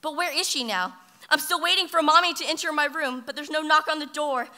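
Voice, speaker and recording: A teenage girl on stage performing spoken word poetry, swinging from loud outbursts to hushed lines. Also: high voice, brisk. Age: teens. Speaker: high school slam poet. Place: ballroom stage.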